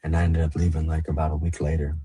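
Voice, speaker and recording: A man's voice: extremely low pitch, monotone, fast talker, dark tone, slightly rough. A man telling his life story as a podcast guest, blunt and profane, acting out past conversations in quoted lines. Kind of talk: candid storytelling in a podcast interview.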